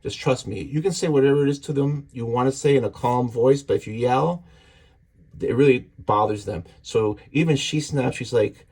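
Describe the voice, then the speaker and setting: A man's voice: mid-range voice, normal speed, a little mellow, slightly rough. A man casually and enthusiastically recapping a comic book issue, acting out the characters' lines as he goes. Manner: enthusiastic, retelling panels with voices.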